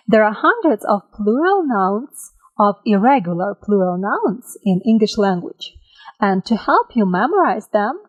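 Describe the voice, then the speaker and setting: A woman teaching an English grammar lesson, drawing out each example word slowly and often checking in with a "right?". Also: mid-range voice, poor audio. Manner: slow, careful, drawn-out example words; checks in with listeners by asking "right?".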